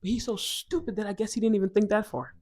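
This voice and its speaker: Woman from Ghana, casual storytime vlog, animated, emphatic, tangents. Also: mid-range voice, fast talker. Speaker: vlogger.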